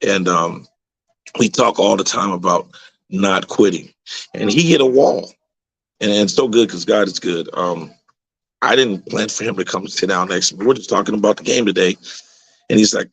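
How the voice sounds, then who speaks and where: Gravelly, husky-voiced football coach. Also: male voice, low voice, normal speed, pauses often, low-quality recording. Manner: emphatic, repeats words, motivational. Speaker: high school football coach. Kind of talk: radio interview storytelling.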